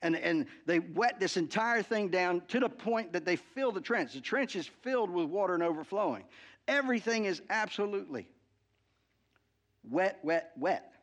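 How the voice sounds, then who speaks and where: A man preaching a sermon, telling a story in an animated way and acting out the quotes, often adding "right?" and restarting words. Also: high voice, normal speed, long pauses. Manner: frequent "right?" asides and repeated word restarts. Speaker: pastor.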